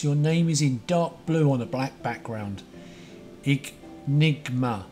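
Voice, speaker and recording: An excitable, chatty man livestreaming a game, greeting viewers by name. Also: medium pitch, unhurried. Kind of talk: casual live-stream chat. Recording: faint music behind.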